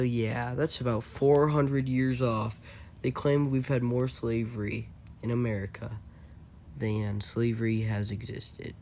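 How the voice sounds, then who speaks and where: A man's voice: fairly low pitch, vocal fry, darkish tone, a little hiss or hum. A man talking over screenshots in a rambling, mocking, self-assured commentary voice-over. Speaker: channel host.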